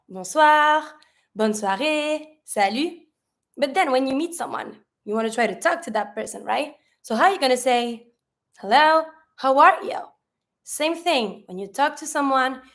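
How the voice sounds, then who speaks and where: A woman, a native French speaker, teaching French greetings in a chatty way, asking herself questions and answering them. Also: high voice. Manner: sprinkles fillers like "like".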